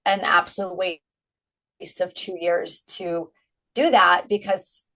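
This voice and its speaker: A woman's voice: on the low side, fairly even intonation, slow pace, sharp tone, rough recording. A middle-aged woman being interviewed, talking frankly and animatedly and laughing often. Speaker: guest, brand founder. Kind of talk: candid interview conversation.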